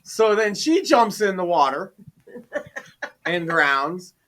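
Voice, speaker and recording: A man's voice: sits high, slow pace. A man on a podcast, casually retelling a gaming story and acting out his own lines. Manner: animated retelling, acts out his own quotes. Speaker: podcast guest.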